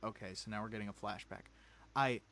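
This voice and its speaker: A man's voice: lowish voice, a little fast, pushed and bright. A man casually playing a story game, reading its text aloud and adding joking asides. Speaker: let's play streamer. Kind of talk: casual gameplay commentary.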